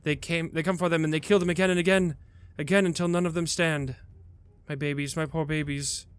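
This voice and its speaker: An anguished old grandmother dragon, put on by a man, wails over her lost brood. The voice sits a touch high, and it stays smooth and resonant throughout. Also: fairly even intonation, fairly quick, dry recording, close to an everyday voice. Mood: grieving. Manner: wailing, lamenting. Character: grieving old mother dragon, female, anguished.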